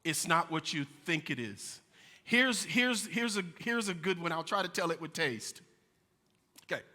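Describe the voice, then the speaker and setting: Bright-voiced pastor preaching a sermon. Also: male voice, a little high, measured pace, in a large hall. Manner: storytelling, animated, addresses congregation. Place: church sanctuary.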